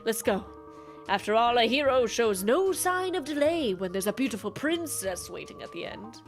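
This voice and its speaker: A woman's voice: on the high side, big pitch swings, normal speed, faint music behind. A woman voicing a cowardly, pompous young male knight in a video game, who boasts grandly and stammers out excuses.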